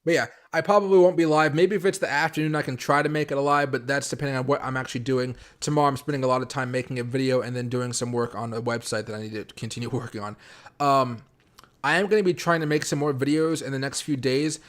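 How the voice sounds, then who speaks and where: A man hosting a casual late-night crypto live stream from home, talking fast and rambling with lots of fillers and restarts. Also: medium pitch, steady tone. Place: home room.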